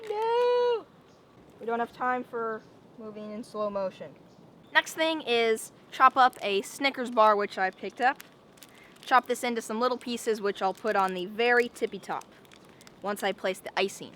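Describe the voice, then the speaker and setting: A woman's voice: a little high, normal speed, fairly bright tone, slight background noise. A young woman making a casual daily vlog, chatty and rambling, often repeating herself and saying "like". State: out of breath. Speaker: vlogger.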